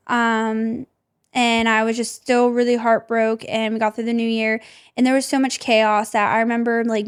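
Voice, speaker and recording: A woman's voice: a little high, clear, resonant tone. A young woman, a podcast host, telling a personal story with emotion and many "like" fillers. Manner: emotional, heavy use of "like" fillers.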